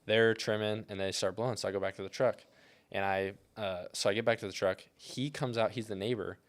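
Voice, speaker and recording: A man's voice: lowish voice, steady tone, brisk. A young man co-hosting a podcast, telling rambling stories in casual chat and filling them with "like". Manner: rambling storyteller, heavy use of "like". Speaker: podcast co-host.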